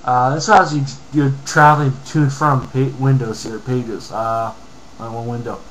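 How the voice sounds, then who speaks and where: A Canadian man with a medium-pitched, steady voice rants angrily on his home vlog at a moderate pace, reading comments aloud with heavy profanity and mumbled asides. The recording is low quality with slight background noise.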